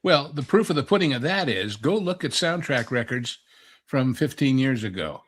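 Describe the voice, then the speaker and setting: A man's voice: medium pitch, lively intonation, moderate pace. Chatty man telling film anecdotes. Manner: conversational, explains with anecdotes. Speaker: panel guest. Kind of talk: casual panel discussion.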